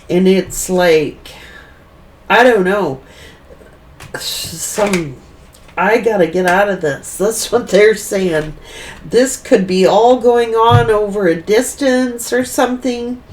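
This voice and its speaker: A woman's voice: a little high, distant mic, slight background noise. A woman giving a tarot reading, rambling and repeating herself as she thinks aloud. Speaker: tarot reader.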